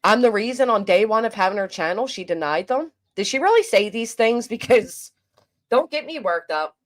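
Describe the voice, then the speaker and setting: A woman's voice: fairly high pitch, animated, normal speed. Lady venting on a livestream, exasperated, rambly, keeps restarting sentences. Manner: exasperated, rambling with restarts, reads chat aloud. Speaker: commentary channel host.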